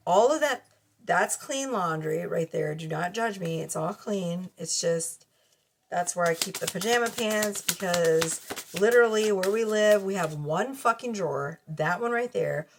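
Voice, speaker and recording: A woman's voice: lowish voice, expressive, a little slow, background noise. A woman with children doing a casual tarot reading to camera at home, blunt and profane, laughing often. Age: adult with children. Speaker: tarot reader. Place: cluttered bedroom at home. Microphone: camera mic.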